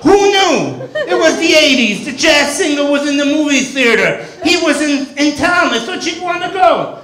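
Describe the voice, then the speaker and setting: A man delivers a wisecracking stand-up set from a comedy club stage. His voice sits unusually high, and his pitch moves in lively swings. The room is echoey. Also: normal speed.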